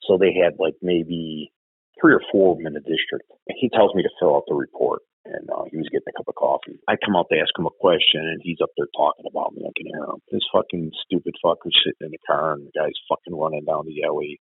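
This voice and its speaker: A man with a deep, gravelly tells blunt, profane stories from his years on the force. His voice is husky and very low, with a dry, close sound. It comes through a tinny, phone-like line. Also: fast talker, dry recording. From Chicago. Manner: blunt, profane, animated storyteller. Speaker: interview guest, former police officer. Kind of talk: casual storytelling.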